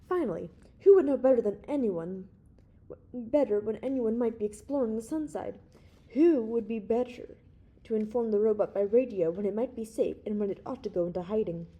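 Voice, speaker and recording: Woman reading a young male space hero, authoritative, reasoning, persuasive, mellow tone, audiobook. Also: on the high side, normal speed, breathy edge. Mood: confident, reasoning.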